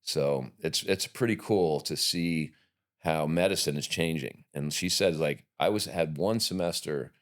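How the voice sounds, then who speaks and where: A man's voice: very deep voice, measured pace. A middle-aged man and podcast guest, telling rambling, profane anecdotes in a casual interview.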